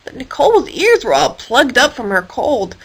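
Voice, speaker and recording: A woman reading a children's story aloud in a playful, expressive manner. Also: sits high, moderate pace, breathy edge, low-quality recording. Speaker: storyteller for a homeschool course. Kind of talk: storybook read-aloud narration.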